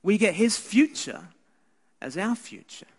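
Australian male preacher, high voice, earnest and chatty, hall reverb on the recording. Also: very animated, measured pace, husky. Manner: earnest, conversational, with frequent restarts and hushed asides. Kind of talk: Christmas sermon.

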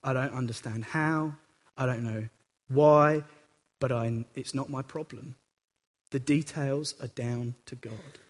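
A preacher voicing an aged patriarch who speaks quietly and with calm resolve. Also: male voice, mid-range voice, slow, pitched below the performer's own voice. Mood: quietly resolved. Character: steady, trusting aged male patriarch. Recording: echoey hall reverb.

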